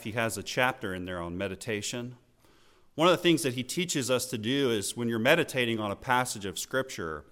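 A man preaching a sermon in an earnest, teaching tone, slowing down to stress key words and letting his phrases fall at the end. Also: mid-range voice, fairly bright tone. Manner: slow emphatic phrasing with falling line endings.

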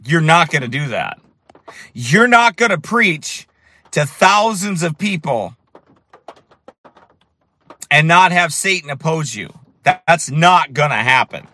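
A fiery man preaching in a high, bright voice that cuts through. He tells his story with strong emphasis and builds to shouts. His tone stays sharp and forceful. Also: expressive, slow pace, pauses often, no echo. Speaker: street preacher. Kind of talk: preaching while telling a story.

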